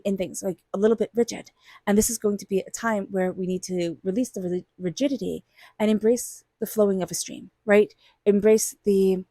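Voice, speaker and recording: A woman's voice: medium pitch, mellow, dry recording, clean studio sound. A woman giving a weekly tarot reading in a chatty way, often acting out quoted thoughts. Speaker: tarot reader.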